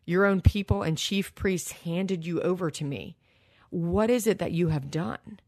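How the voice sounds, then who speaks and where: A woman voicing a questioning, uneasy Roman governor in a measured scripture reading. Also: fairly low pitch, a little mellow, dry recording, clean studio sound.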